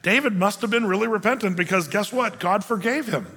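Speaking fairly quickly in a high voice with a breathy edge, a pastor gives an informal, lively sermon and performs the voices of those he quotes. Long reverb from a large hall fills the recording.

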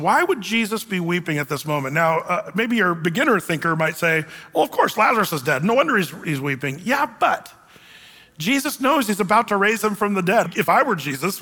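A man's voice: high-pitched, sharp tone, in a large hall. A man preaching a sermon in a casual, conversational way, with joking asides. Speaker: pastor.

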